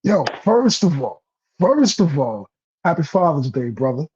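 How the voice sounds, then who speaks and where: A man calling in, talking in an excitable, repetitive way over muffled call audio. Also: fairly high pitch, measured pace, slight background noise. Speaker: caller.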